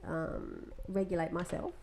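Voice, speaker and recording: A woman's voice: on the low side, sing-song, slow, crowd noise. A woman in her thirties, co-hosting a podcast in casual chat. She speaks candidly, swears freely, and acts out her own past conversations, recorded indoors at home. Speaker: podcast co-host.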